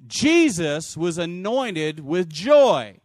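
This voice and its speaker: Animated, high-voiced man preaching. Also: extremely slow, dry recording. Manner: animated, acts out scenes with put-on voices; humorous and conversational with the congregation. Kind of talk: lively sermon.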